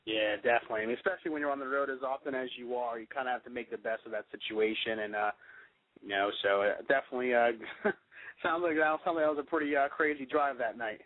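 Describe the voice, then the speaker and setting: A man hosting a wrestling talk show, asking questions in a halting way with plenty of fillers. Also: mid-range voice, dry recording. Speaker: radio show host. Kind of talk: podcast interview. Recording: dry, tinny phone-like audio.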